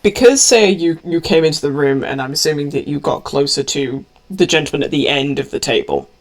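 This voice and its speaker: Gravelly-voiced woman game master. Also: low-pitched. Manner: descriptive, deliberate narration. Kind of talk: narrating a tabletop game.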